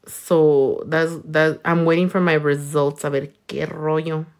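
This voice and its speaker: On a casual livestream while working on nails, a bilingual nail tech talks at a measured pace in a low voice with little pitch movement. She's playful and crude, hops between languages, and laughs loudly and frequently.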